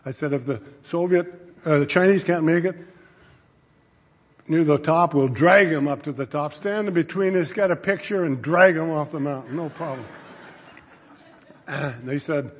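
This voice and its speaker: A man's voice: a little high, normal speed, long pauses. A man giving a storytelling talk to an audience, acting out the dialogue of his anecdotes. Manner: animated, acts out quoted dialogue. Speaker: speaker telling a story to an audience. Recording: long reverb from a large hall.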